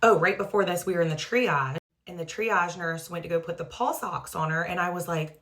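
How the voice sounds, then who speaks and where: Woman, low voice, thirties, casual vlog storytelling, lots of fillers, doing skincare while she talks. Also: brisk, fairly bright tone. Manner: emotional retelling, fillers like "like" and "um"; trying a skincare product while talking. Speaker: mother telling her family's story.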